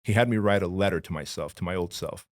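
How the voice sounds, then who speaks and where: A man's voice: deep voice, fast, no echo. A man from Armenia, a podcast guest telling his personal story candidly, in a blunt, emphatic, slangy way. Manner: emphatic, blunt and slangy, addressing the host as dude and bro.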